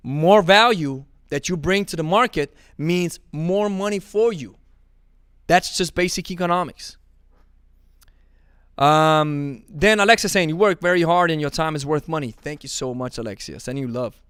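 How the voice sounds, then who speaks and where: A man's voice: on the high side, normal speed, fairly bright tone, clean tone, dry recording, studio quality. A man who speaks natively hosts a live stream and chats casually with viewers, joking, laughing and repeating himself. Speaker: podcast host reading live chat.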